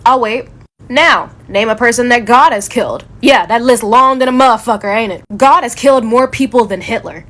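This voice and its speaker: Young woman, vlogger, blunt commentary, profane, mocking, slightly high voice. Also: normal speed, a bit bright. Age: young adult. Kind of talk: casual opinionated commentary.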